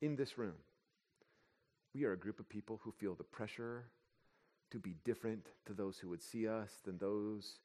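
A man's voice: on the low side, moderate pace, pauses often, mellow, long reverb tail. A man preaching a sermon as pastor, conversational and joking, slipping into everyday voices to make his points.

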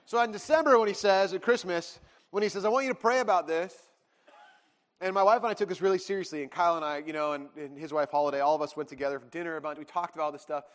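A pastor in his thirties speaks quickly, sharing a personal story with his congregation and slipping into quoted voices as he goes. His voice sits a little high for a man. A long church-hall reverb trails every phrase. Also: fairly bright tone. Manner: rambling storytelling with restarts and acted quotes. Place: church sanctuary.

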